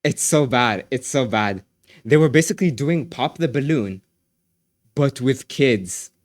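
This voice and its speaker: A male livestreamer chats loosely with his viewers in an excitable, rambling way, looping the same phrases over and over. His voice sits at an ordinary middle pitch. The sound is dry and close, with no room echo. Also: a little slow. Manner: excitable, repeats phrases, laughs often. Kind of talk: casual chat with viewers.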